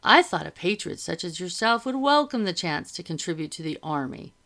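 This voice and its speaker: A woman reading aloud, voicing a smooth, condescending male officer of the revolutionary army, with a low gravelly voice. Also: big pitch swings, a little fast, fairly bright tone.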